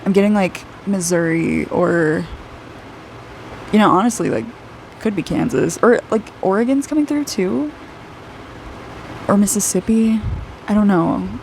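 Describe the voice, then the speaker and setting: A woman in her twenties talks through an intuitive aura reading as she draws, rambling and chatty with a steady stream of "like" and easy laughter. Her voice sits at an ordinary pitch with noticeable vocal fry, and a faint background hiss runs under the recording. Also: a little slow, long pauses. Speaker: aura reader and artist. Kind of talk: casual intuitive reading while drawing.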